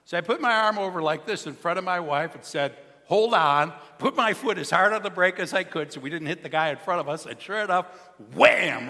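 A pastor preaching a sermon, telling stories in a chatty way and asking the congregation questions. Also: male voice, on the high side, long reverb tail. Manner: animated, conversational, asks the congregation questions. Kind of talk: sermon with storytelling.

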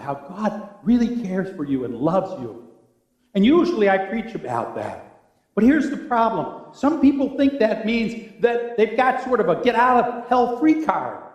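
A man preaching a sermon as pastor, with a dramatic delivery that swings from hushed to loud. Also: high-pitched. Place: church. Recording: echoey church room.

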